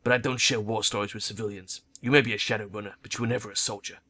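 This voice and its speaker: A man's voice: on the low side, fairly even intonation, racing, bright, forceful tone. A man voicing a blunt, stern female troll ex-soldier in a game, with curt, clipped, unsentimental lines.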